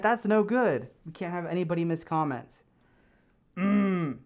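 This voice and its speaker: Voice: medium pitch, lively intonation, unhurried, darkish tone, lo-fi sound. Live streamer, giggly, rambling, casual chat, many fillers. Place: home streaming room.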